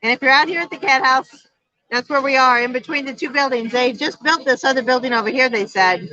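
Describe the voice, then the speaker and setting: A middle-aged woman co-hosting a casual livestream from an outdoor patio, chatty and quick to laugh. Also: high-pitched, sharp tone. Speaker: vlog co-host. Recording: dull lo-fi phone stream.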